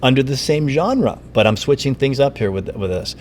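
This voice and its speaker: A man's voice: medium pitch, animated, moderate pace, darkish tone, a little hiss or hum. A man in his fifties hosting a casual teacher podcast, who tells classroom stories and acts out his students. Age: 50s. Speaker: podcast host and middle school teacher.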